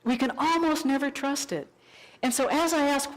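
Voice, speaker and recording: A woman minister giving a sermon in a church, telling stories and acting out her own thoughts in lively voices. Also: sits high, fairly quick, poor audio. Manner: animated storytelling, acts out her own inner voice. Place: church sanctuary.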